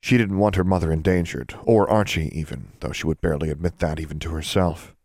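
A man reading fiction aloud as an audiobook narrator, steady and measured. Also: low voice, no room sound, clean studio sound. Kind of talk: scripted narration.

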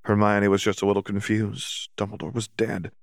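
A man's voice: on the low side, completely flat delivery, moderate pace, vocal fry, dry recording, clean studio sound. A man narrating a fan fiction audiobook, reading the story and shifting his voice a little for each character.

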